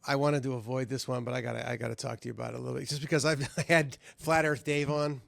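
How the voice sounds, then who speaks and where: Gravelly, blunt man hosting a podcast. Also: medium pitch, fairly even intonation, quick pace, a bit bright, no echo. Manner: blunt, profane, laid-back. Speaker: podcast host. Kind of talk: casual interview chat.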